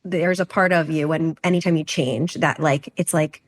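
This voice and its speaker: A woman's voice: deep voice, normal speed. A woman co-hosting a health podcast, speaking frankly in casual chat. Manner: frank, rises into lively quoting. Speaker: podcast co-host, health coach.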